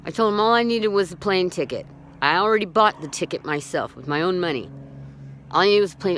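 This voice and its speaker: Speaking fairly quickly in an animated, fairly low and slightly bright voice, a woman recounts her own experience off the cuff. She's indignant, agitated, blunt and swears, frequently starting sentences over, over a faint hiss or hum.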